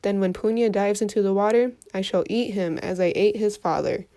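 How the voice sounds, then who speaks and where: A woman's voice: medium pitch, fairly quick, warm tone, close to an everyday voice. A woman voicing a raging shark king. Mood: gloating. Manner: raging and commanding. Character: cruel boastful male king of sharks.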